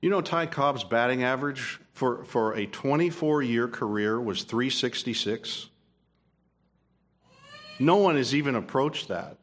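A man preaching an expository sermon, emphatic with rising peaks and quieter asides, asking questions of his listeners. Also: mid-range voice, measured pace. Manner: repeats and restarts phrases, asks the room questions. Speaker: pastor.

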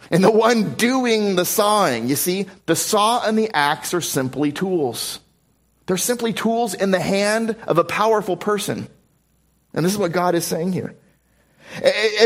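A man preaching a sermon, reading scripture slowly and explaining it verse by verse. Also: high voice. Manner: reads scripture slowly in King James wording.

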